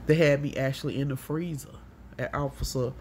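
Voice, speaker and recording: A woman telling a rambling personal story in a casual monologue, profane and animated, often acting out what others said. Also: rumbling low, brisk, a little hiss or hum.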